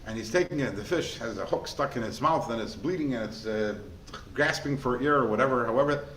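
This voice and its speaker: A man, a rabbi teaching a class, in a lively way, often asking the listeners questions. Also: mid-range voice, fairly quick. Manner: animated, asks the class rhetorical questions. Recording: echoey room with faint noise.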